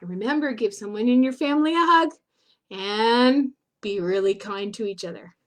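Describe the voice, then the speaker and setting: A woman's voice: fairly high pitch, normal speed. A woman hosting a live online storytime for children, chatty and encouraging.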